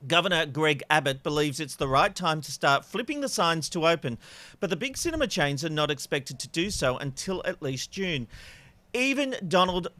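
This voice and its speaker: Aussie bloke hosting a news panel, bright ringing voice, bit high, dry sound. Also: male voice, no echo. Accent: Australian. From Australia. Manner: chatty, laughs between items. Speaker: host.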